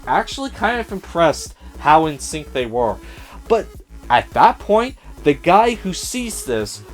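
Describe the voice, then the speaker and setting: A man giving a casual spoiler review of a film, sarcastic and profane, often mimicking the characters in a raised voice. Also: on the high side.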